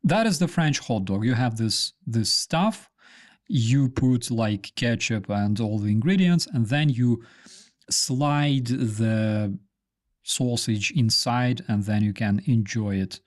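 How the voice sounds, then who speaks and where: A man's voice: medium pitch, expressive, takes it slowly. A man hosting a live stream, rambling casually with many fillers and restarts.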